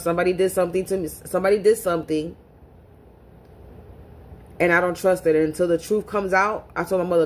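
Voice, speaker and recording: A woman's voice: fairly low pitch, brisk, pauses often. A woman speaking to camera in a casual monologue as a spiritual reader, talking bluntly and profanely and often repeating words as she restarts.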